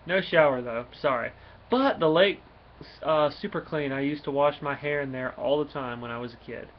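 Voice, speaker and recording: A man's voice: a little high, moderate pace, close to an everyday voice. Man voicing a young apologetic hostess in a plain read-aloud delivery, faint background noise. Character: young woman hosting friends, apologetic. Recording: dull lo-fi recording, faint noise.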